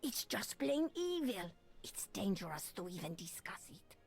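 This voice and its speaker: An actress playing a fearful, secretive elderly Creole woman in a mystery game, with a French-tinged Creole English accent and a breathy voice that drops to whispers. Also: mid-range voice, big pitch swings, a little slow, faint music behind, heavily acted.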